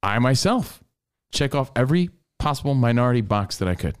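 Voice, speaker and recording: A man's voice: mid-range voice, very animated, brisk, clean tone. Opinionated male sports talk host. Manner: opinionated, hedging, emphatic. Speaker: radio co-host. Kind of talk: casual sports talk banter.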